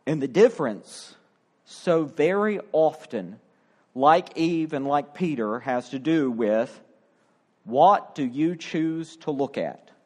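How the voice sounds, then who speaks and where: A man's voice: fairly high pitch, expressive, slow pace, a little mellow. A middle-aged male pastor preaching a sermon, acting out the quoted voices with drama.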